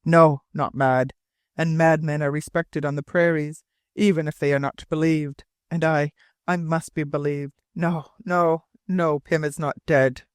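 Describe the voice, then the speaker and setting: A rough frontier sailor who stumbles over his words and repeats himself with stubborn emphasis, as a man reads him in an audiobook. The voice sits a little high and the recording is dry and close. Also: little pitch movement, unhurried, dry recording, natural voice. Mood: fervent. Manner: broken, repetitive, emphatic phrasing. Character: rough, halting old frontier sailor, insistent.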